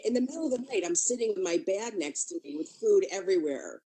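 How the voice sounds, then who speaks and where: A woman's voice: mid-range voice, sing-song, quick pace, mellow, slightly rough. A woman comedian talking blunt and self-mocking in a casual radio chat. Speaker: comedian guest. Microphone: studio mic.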